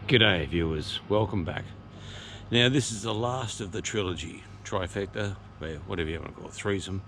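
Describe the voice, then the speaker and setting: With a low pitch, vocal fry and a slightly bright edge, this Australian man talks at normal speed, a little hiss or hum audible. He hosts a casual pub walk-and-talk vlog, chatty, rambling and lightly profane, shot handheld outdoors and in a country pub.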